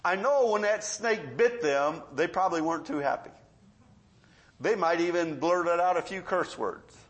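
Middle-aged pastor, high voice, folksy storytelling preacher who drops to hushed asides. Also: male voice, lively intonation, normal speed. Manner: storytelling preacher, swings between loud emphasis and quiet asides. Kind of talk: sermon.

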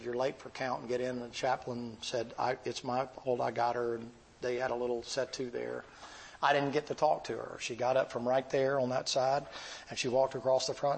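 A man preaching, telling a long story in a folksy, drawn-out way. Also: mid-range voice, creaky, a little hiss or hum, rough recording. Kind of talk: sermon storytelling.

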